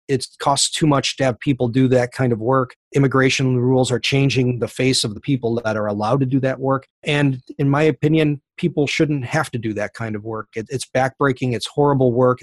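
A man's voice: mid-range voice, dry recording, clean studio sound. A middle-aged man, a professor being interviewed, explaining with enthusiasm and frequent fillers. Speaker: professor and podcast guest. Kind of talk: interview answers.

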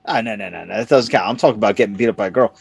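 A man in a casual, profane chat, telling a school story in a laid-back, expressive way. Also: fairly low pitch, racing, creaky, breathy edge, no echo.

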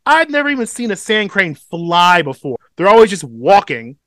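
A man co-hosting a podcast, telling a story in casual chat, swearing constantly and animated. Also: sits high, moderate pace, no echo, clean studio sound. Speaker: podcast co-host.

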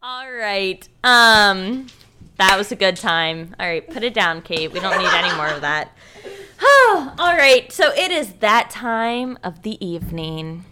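Young female co-host, chatty and giggly; bright, lively delivery. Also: mid-range voice, unhurried, a little hiss or hum. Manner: giggly, chatty, lots of fillers. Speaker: podcast co-host. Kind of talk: casual chat.

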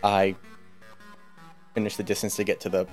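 A man's voice: low-pitched, completely flat delivery, moderate pace, darkish tone, faint music behind. A man playing a tabletop role-playing game, chatting casually and laughing often. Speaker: player.

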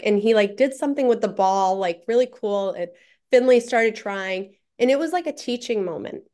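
A woman's voice: fairly high pitch, lively intonation, normal speed, mellow. A woman guest telling a story in casual conversation, full of chatty "like" fillers.

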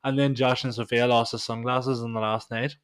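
A man's voice: medium pitch, little pitch movement, a little fast, smooth. A young man with a Northern Irish accent, co-hosting a podcast in casual chat, swearing freely and telling vivid stories. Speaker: podcast co-host.

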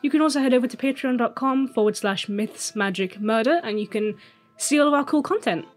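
A woman's voice: fairly high pitch, a little fast, faint music behind. A woman co-hosting a podcast, telling a folklore story in a chatty, joking way. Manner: chatty, laughs easily, jokey asides. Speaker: podcast co-host.

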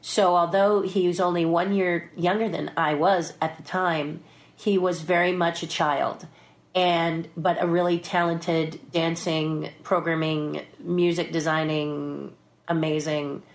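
A middle-aged woman telling an animated story as a guest, jumping into quick voices for the people in it. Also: fairly low pitch. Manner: lively storyteller who puts on voices for the people in her story. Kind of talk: animated anecdote.

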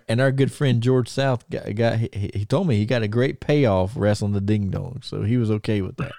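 A man's voice: medium pitch, dark tone, no room sound, studio quality. A man with a Southern country accent, co-hosting a podcast and telling rambling stories with frequent laughs. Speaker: podcast co-host. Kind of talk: casual chat, storytelling.

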